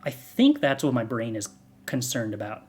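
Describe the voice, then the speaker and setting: A man in mid-range pitch talks to his stream from a home setup, close on his microphone. He rambles loosely, asking himself questions and answering with wry, offhand remarks. The tone is casual and unscripted. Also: very animated, moderate pace, darkish tone, breathy edge. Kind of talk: casual stream chat between singing warm-ups.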